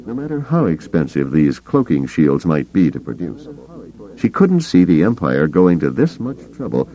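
A man reading an audiobook as its narrator in measured, scripted storytelling. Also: low voice, mellow, muffled recording.

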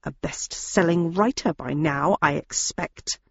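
A woman reading the part of a bitter, jealous middle-aged woman who heads a convent, speaking slowly and low with grudging insults. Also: husky, dry recording, lo-fi sound, exaggerated voice. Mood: resentful.

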